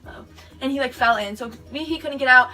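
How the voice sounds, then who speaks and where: A woman's voice: high voice, a little fast, bright, forceful tone. A teenage girl telling a storytime vlog, rambling and packed with "like" fillers. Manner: rambling, filler-heavy retelling with lots of "like". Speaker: vlogger. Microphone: camera mic. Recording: sped-up audio from a distant mic with music behind.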